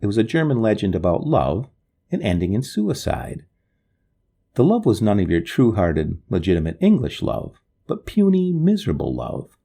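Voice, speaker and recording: A man narrating an old story in the first person, in a dramatic, expressive way. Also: fairly low pitch, normal speed, creaky, husky.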